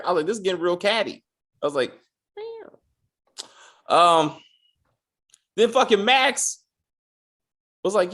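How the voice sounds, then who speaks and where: A man co-hosting a casual TV review podcast, swearing freely and acting out characters' lines in quick exasperated bits. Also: high-pitched, animated, a bit bright. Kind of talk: casual spoiler review chat.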